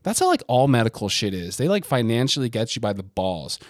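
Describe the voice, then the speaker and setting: A man's voice: mid-range voice, sing-song, brisk, dry recording, studio quality. A man co-hosting a podcast in casual banter, loose and profane, rambling from one tangent to the next. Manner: loose and profane, slipping into mock voices for punchlines. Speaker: podcast co-host.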